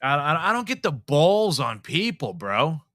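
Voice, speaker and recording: Swearing a lot and acting out whoever he quotes, this podcast host spins animated stories in a casual chat. He speaks a little slowly in a slightly high voice, recorded at studio quality with no room sound.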